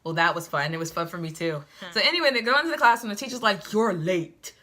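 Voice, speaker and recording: Sassy, bright-voiced woman book reviewer. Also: medium pitch, rapid-fire. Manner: sassy, chatty, animated asides. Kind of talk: casual book review vlog.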